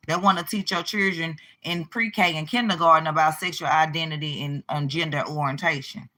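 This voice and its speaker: Rich: A woman in her forties chats straight to her viewers in a casual commentary vlog. Her voice is bright and forceful, and she lands each point with emphasis, often laughing between them. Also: lowish voice. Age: 40s. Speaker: channel host.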